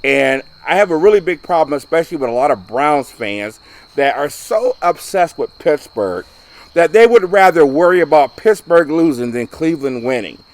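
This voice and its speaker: A man's voice: a little high, animated, normal speed, a little mellow, no room sound. A man co-hosting a casual local football show, ranting bluntly and driving his points home with "okay?". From Ohio, USA. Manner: blunt, emphatic, repeats "okay?" for emphasis. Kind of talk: casual rant.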